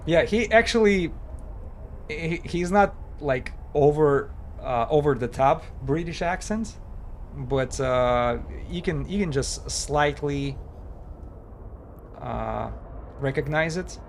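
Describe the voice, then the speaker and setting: A man casually talking while he streams a game, halting and chatty, with many fillers and restarts. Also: fairly high pitch, a little hiss or hum. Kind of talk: casual live-stream commentary.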